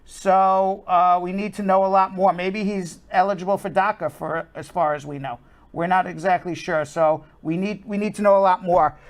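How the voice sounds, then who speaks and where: A woman's voice: on the low side, steady tone, moderate pace. A woman co-hosting a live online show, greeting viewers by name and explaining immigration rules in an upbeat way. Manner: upbeat, calls out viewers' names, explains legal rules at length. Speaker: co-host. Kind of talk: live-stream show, reading viewer names and answering questions.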